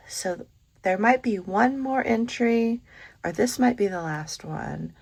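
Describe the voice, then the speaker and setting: A woman, hosting a casual craft unboxing vlog, gushing over each item with soft asides. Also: lowish voice, gravelly. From Kentucky. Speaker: craft channel host.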